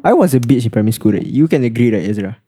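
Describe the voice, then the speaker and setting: A man's voice: medium pitch, lively intonation, very fast, mellow, breathy edge. A young man with a Singaporean English accent, co-hosting a casual podcast and playfully teasing his friend. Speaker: podcast co-host. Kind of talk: casual chat.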